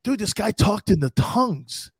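Man, middle-aged, sports radio host, conversational, high voice, dry close mic. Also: sing-song, moderate pace, husky, dry recording. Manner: conversational, asks questions, adds asides. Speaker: sports talk host, former pro player. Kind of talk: casual sports radio chat.

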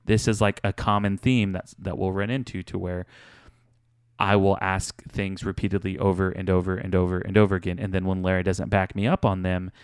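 A man's voice: low voice, level tone, a little fast, clear, resonant tone, dry recording, clean studio sound. A man in his thirties co-hosting a podcast, telling a candid personal story in a confessional, casual way. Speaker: podcast co-host. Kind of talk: casual chat.

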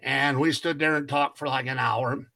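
A man's voice: mid-range voice, steady tone, moderate pace, creaky, sharp tone. A man co-hosting a casual podcast, telling a long story and acting out what everyone said, laughing often. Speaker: podcast co-host.

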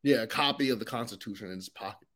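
A man's voice: medium pitch, quick pace, a bit bright. A man, a comedian guest on a podcast, in casual chat, slangy and saying "bro" a lot.

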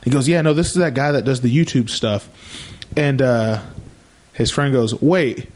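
A man's voice: medium pitch, normal speed, darkish tone. A young man co-hosting a podcast, telling a rambling story in casual chat and acting out what others said. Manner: rambling anecdotes with quoted voices. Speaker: podcast co-host.

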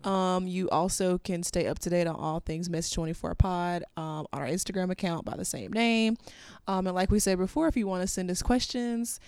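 A woman co-hosting a podcast in casual chat, animated and quick to exclaim in disbelief, talking into a microphone. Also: on the low side, clean tone, dry recording. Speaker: podcast co-host.

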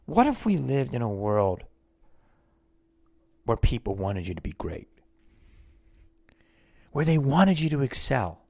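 A man rants his way through a podcast monologue, blunt and salted with profanity. His voice has a gravelly edge, and it sits close and dry on the mic with no room sound. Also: mid-range voice, big pitch swings, slow, pauses often, a little mellow, no room sound. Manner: blunt, profane, rambling rant. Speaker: podcast host; actor on tour. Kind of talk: casual monologue.

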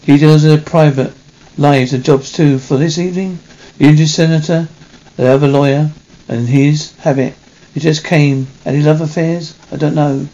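A man reading a film script aloud in a halting way, correcting himself as he goes. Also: fairly high pitch, steady tone, mellow, muffled recording. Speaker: reader.

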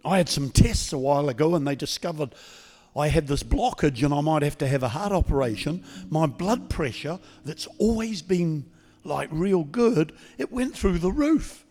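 A man preaching as a guest pastor, speaking calmly and conversationally instead of shouting, leading a healing prayer in a church service. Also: fairly high pitch, normal speed. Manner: calm, conversational, not yelling. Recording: long church reverb.

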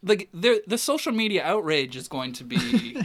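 A photographer telling a long story in a casual, rambling way, with many restarts and fillers. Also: male voice, high-pitched, very animated, normal speed, no room sound.

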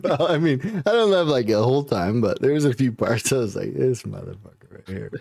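A man in casual podcast chat who rambles, swears freely and keeps breaking into laughter. His voice sits at an ordinary pitch, and the recording is dry and close. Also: expressive, a little fast, darkish tone, dry recording. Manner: rambling, giggly, crude, swears a lot. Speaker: podcast co-host.

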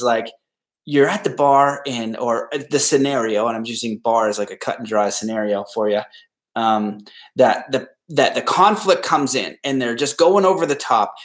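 A man's voice: mid-range voice, normal speed. A man hosting a solo podcast, giving casual, rambling advice and acting out the people he quotes. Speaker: podcast host.

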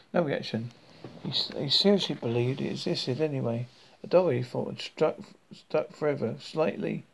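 A man reading a novel aloud in a halting, self-correcting way. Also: mid-range voice, creaky, poor audio. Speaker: reader.

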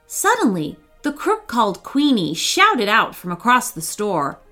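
A woman's voice: on the high side, huge pitch swings, a little slow, few pauses, sharp tone, soft background music. A woman reading a children's story aloud, telling it expressively.

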